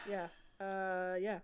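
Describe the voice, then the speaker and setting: A woman's voice: medium pitch, completely flat delivery, extremely slow, a little hiss or hum, poor audio. A woman co-hosting a podcast in casual chat, swearing freely and laughing often. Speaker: podcast co-host.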